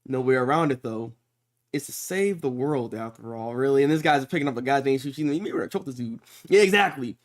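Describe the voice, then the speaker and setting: A man with a medium-pitched voice reacts fairly quickly and excitably on stream to a fresh comic chapter. He exclaims, curses casually, and keeps restarting, with echo from his untreated room.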